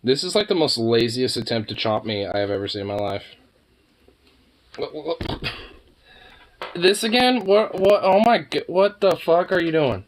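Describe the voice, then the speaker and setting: Guy baby-talking his dog, swoops from low mumbles to squeaky highs, laughs a lot. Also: animated, moderate pace, slight background noise. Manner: teasing baby talk, jumping between low mutters and high squeals; laughs often, swears casually. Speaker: dog owner filming his husky. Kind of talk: casual talk to a pet on camera.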